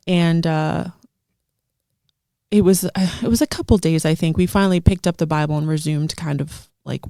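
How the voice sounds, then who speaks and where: Her voice is low, creaky and dark yet smooth, recorded dry with clean studio sound. A guest in her thirties, she earnestly recounts a heartfelt personal testimony in conversation, using frequent fillers.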